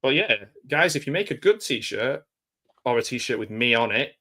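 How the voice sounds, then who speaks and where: A man with a soft South Manchester accent, chatting as a guest on a video call in a jokey, rambling way. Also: mid-range voice, expressive, moderate pace. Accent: South Manchester English. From England. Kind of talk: casual video-call chat.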